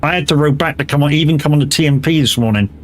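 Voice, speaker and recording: A man's voice: a little high, very fast. Chatty man streaming a truck game. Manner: chatty, swears freely, laughs often. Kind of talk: casual live-stream chat while driving.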